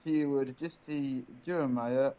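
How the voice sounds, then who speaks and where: A man playing a tabletop game, describing his turn in a deliberate, halting way with many pauses. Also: mid-range voice, fairly even intonation, highs cut off. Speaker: player.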